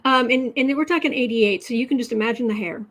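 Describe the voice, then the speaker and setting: A woman from West Virginia hosting a tarot and astrology livestream, telling stories in a rambling, animated way with sudden emphatic outbursts. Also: a little high, fast talker. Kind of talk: casual chat, storytelling.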